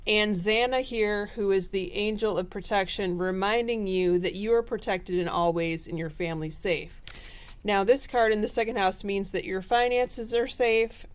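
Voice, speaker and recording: A woman's voice: medium pitch, normal speed, clean tone. A woman giving a casual tarot reading in a chatty, rambling way with fillers. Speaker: tarot reader.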